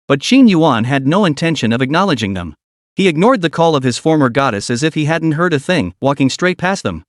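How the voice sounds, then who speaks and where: A man narrating a scripted story with dramatic, lively storytelling. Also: fairly high pitch, no room sound, clean studio sound.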